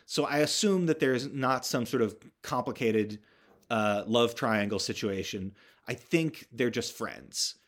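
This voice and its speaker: Rambling sardonic podcast host. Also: male voice, medium pitch, a little slow. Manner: rambling, full of fillers and restarts; sardonic, swears for emphasis. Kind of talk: casual film recap.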